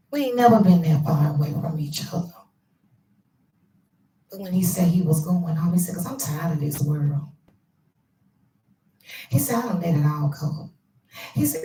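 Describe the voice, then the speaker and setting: A woman host tells a personal family story to her viewers, quoting relatives and dropping to hushed asides. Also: distant mic, slight background noise. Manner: quotes family members with shifts in pitch and hushed asides. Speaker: channel host. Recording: echoey room, voice a bit off-mic.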